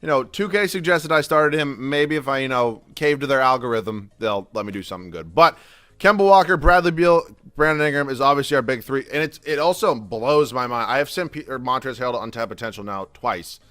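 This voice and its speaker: A man's voice: mid-range voice, expressive, a little fast, a bit bright, no echo. Young dude cussing and ranting through his game commentary, medium voice. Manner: casual, profane, ranting. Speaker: gaming YouTuber. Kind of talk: gameplay commentary.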